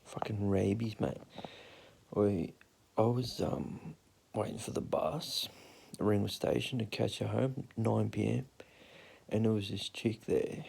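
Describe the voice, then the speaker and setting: A man's voice: on the low side, unhurried, gravelly, darkish tone, a little hiss or hum. A young man with an Australian accent telling rambling, crude stories in casual talk and swearing freely. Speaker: storyteller. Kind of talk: casual storytelling.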